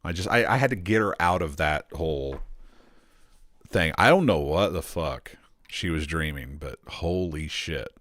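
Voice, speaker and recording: A man's voice: a bass voice, lively intonation, measured pace, a bit bright, no echo, clean studio sound. A man ranting and telling a story at home in a casual, profane, rambling way. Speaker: streamer.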